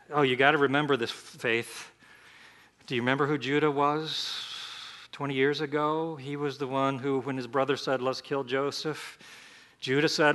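A man preaching a sermon, animated, breaking into lively voices for the people in the scripture. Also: moderate pace. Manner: animated, acts out scripture voices with sudden jumps in pitch and volume. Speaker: pastor.

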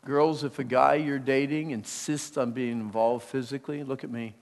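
A middle-aged male preacher with a gravelly, fry-laden voice, delivering an emphatic sermon. He drops to near-hushed confiding tones, then surges loud. His words ring out with the long reverb of a big hall. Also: medium pitch, fairly even intonation, moderate pace. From Pennsylvania.

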